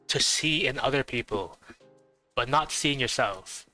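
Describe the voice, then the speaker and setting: A man with a nasal voice chatting casually on a stream, rambling and thinking out loud with lots of fillers. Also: medium pitch, measured pace, soft background music, low-quality recording.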